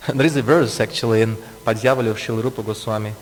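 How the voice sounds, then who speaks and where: A man's voice: lowish voice, steady tone, very fast. A man preaching a scripture class, explaining with asides and frequent chuckles. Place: temple hall. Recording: long reverb, faint hum.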